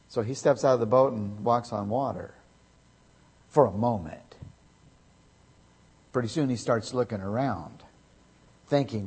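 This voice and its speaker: A man preaching a sermon, emphatic, swinging from loud to quiet. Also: mid-range voice, moderate pace, long pauses, slightly rough. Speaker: pastor. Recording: echoey hall with long reverb.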